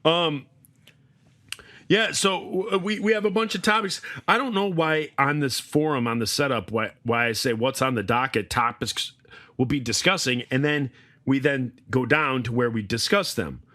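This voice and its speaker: A man's voice: medium pitch, normal speed, sharp tone, no room sound. A man co-hosting a podcast in casual, joking chat, laughing often. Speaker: podcast co-host.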